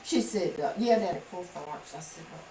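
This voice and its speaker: A woman with a low voice tells a rambling story at home. She acts out everyone's lines as she goes. She is heard from across an echoey room on a home video, with steady noise behind her. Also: normal speed. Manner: rambling, acts out quoted dialogue. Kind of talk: casual storytelling. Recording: roomy home video from a distance, background noise.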